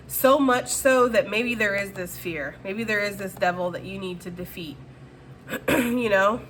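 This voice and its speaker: A woman's voice: medium pitch, sharp tone, a little hiss or hum. A woman giving a casual, chatty tarot reading and addressing her viewers directly. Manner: chatty, full of fillers. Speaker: tarot reader.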